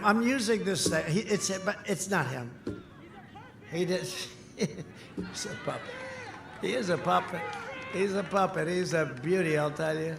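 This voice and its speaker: Older man shouting through a booming rally speech. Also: vocal fry, echoey room, noisy background. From United States. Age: 70s. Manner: boastful, repetitive, swings between shouting and quiet asides. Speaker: political candidate.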